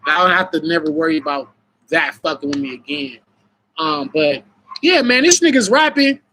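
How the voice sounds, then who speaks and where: A young adult man who is a battle rapper, hosting a live stream with casual, profane, animated storytelling. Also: high-pitched.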